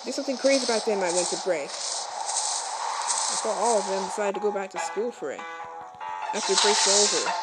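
A woman's voice: mid-range voice, poor audio. A woman giving casual, rambling commentary while she plays a game, giggling and exclaiming often. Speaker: channel host playing a game. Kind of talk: casual let's-play commentary. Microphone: phone screen recording. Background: loud game music.

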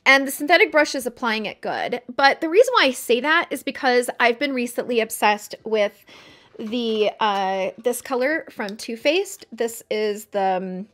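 A woman's voice: fairly high pitch, animated, unhurried, fairly bright tone. A woman chatting casually while doing her makeup for a get-ready-with-me video, chatty and self-mocking. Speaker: beauty vlogger.

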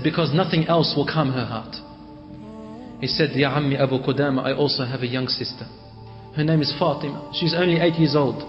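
Man, preacher, emotional storytelling, big reverb, faint music behind. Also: on the high side. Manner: emotional retelling, voice rising at dramatic moments. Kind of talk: sermon storytelling. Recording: echoey hall, muffled, faint music.

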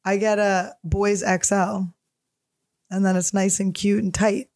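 A woman's voice: mid-range voice, level tone, a little slow, darkish tone. A woman comedian hosting a podcast, rambling in stream-of-consciousness style and swearing freely. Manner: rambling stream-of-consciousness, profane, jumps topics. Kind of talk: casual solo podcast chat.

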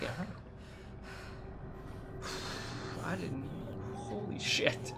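A man commentating a horror game as he plays, jumpy and swearing, shouting when scared. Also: on the high side, normal speed, long pauses, loud music behind the voice. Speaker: gaming video creator.

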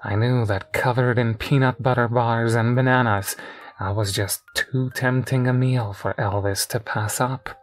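Slow, measured male horror narrator. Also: mid-range voice, fairly even intonation, soft background music. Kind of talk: scripted horror story narration.

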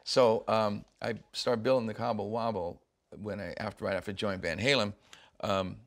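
A man's voice: on the low side, moderate pace. Laughing older man telling stories. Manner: animated, laughs often, acts out quoted voices. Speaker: interviewee, rock musician. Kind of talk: casual storytelling interview.

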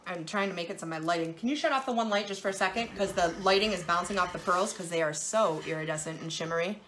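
A woman's voice: fairly low pitch, fast, a bit bright, slight background noise. A woman hosting a casual live jewelry sales show, bubbly and playful, gushing over each piece.

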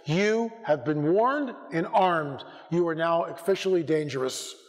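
High-voiced man preaching fiery exhortation. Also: animated, a little slow. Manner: urgent, exhorting, builds to shouted rebukes. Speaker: conference speaker. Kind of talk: fiery conference lecture. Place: church auditorium. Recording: reverberant church hall.

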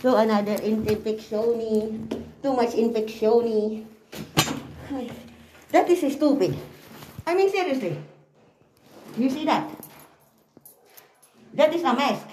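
A woman's voice: a little high, slow, long pauses, warm tone. A woman vlogging on a handheld phone while out shopping, rambling in chatty, broken English. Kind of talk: casual vlog monologue. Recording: noisy phone recording.

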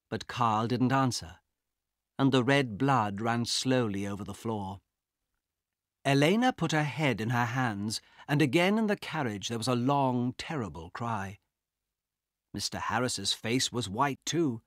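A man narrating a graded-reader audiobook in slow, clear, deliberate reading. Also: mid-range voice, animated, no room sound, clean studio sound.

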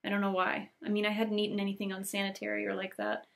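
A young woman reading classic novel passages aloud in an unhurried, gentle storybook way, with casual chatty asides between scenes. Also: mid-range voice, monotone, gravelly. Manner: gentle, unhurried reading, lingering on cozy details. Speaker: book channel host reading aloud.

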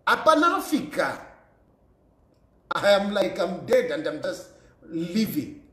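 Guy host going off at a caller, high voice, roomy echo. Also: sing-song, takes it slowly, a bit bright. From Zambia. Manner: angry, repetitive, defiant, laughs between lines. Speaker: show host. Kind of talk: heated call-in show rant.

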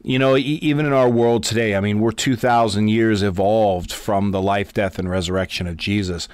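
A man's voice: lowish voice, fairly even intonation, normal speed, clean tone, dry recording, clean studio sound. A man, a pastor, teaching a Bible study in an earnest, conversational way, with many fillers and repeated words.

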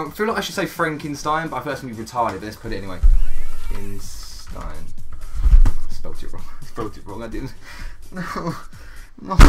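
Guy gaming on youtube, swears a ton, voice jumps all over, bit of music playing quietly behind. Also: mid-range voice. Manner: swears a lot, quick to exasperation, self-mocking. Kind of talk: casual gameplay commentary.

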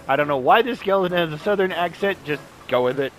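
Man, gameplay commentary, playful asides, slightly high voice, loud game music. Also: animated, quick pace, few pauses, poor audio. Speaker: let's play host.

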